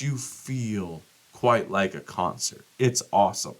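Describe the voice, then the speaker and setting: Man, middle-aged, podcast host, casual monologue, rambling, profane, animated quotes. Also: takes it slowly, hardly any pauses. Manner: acts out quotes with big pitch jumps.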